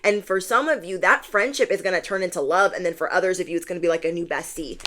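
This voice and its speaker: Woman, young adult, tarot reader, casual storytelling, playful, animated. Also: lowish voice, fast talker. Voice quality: animated, playful, acts out voices.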